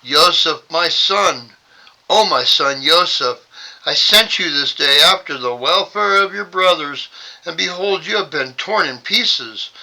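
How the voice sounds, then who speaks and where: A sorrowful old father cries over his lost son, read by a man. The voice sits a touch high and rings bright and sharp, with a mournful, lamenting delivery from a scripture reading. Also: exaggerated voice, low-quality recording.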